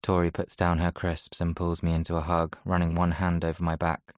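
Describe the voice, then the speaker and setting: Low-voiced man reading an audiobook. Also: level tone, dry recording, studio quality. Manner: soft, subdued, measured. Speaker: audiobook narrator. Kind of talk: first-person audiobook narration.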